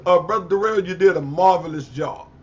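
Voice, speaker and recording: A man, a pastor, speaking on a community panel in a deliberate way, searching for his words as he goes. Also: sits high. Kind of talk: panel discussion. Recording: muffled audio with faint background noise.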